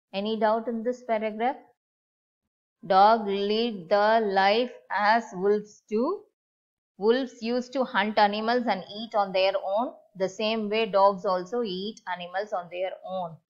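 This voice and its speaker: A woman teacher explains a story line by line to a class, repeating phrases and asking checking questions. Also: medium pitch. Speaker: school teacher. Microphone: online class recording. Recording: dull lo-fi online class audio.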